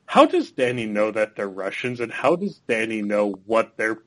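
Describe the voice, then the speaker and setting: Lower-voiced man hosting a chatty podcast. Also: sing-song, normal speed, low-quality recording. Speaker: podcast host. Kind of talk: casual podcast chat.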